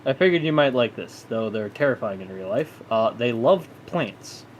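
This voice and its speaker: A man puts on an awkward uncle for a tabletop game, halting and fumbling with his fillers. The voice sits at an ordinary middle pitch. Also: lively intonation, slight background noise, lightly acted. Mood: fumbling, sheepish.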